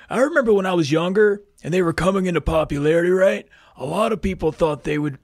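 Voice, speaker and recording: A man's voice: a little high, no room sound, voice pushed up. A man doing a drawling surfer-dude impression. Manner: drawling, easygoing. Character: laid-back surfer-dude young man, Keanu-style. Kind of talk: podcast comedy bit.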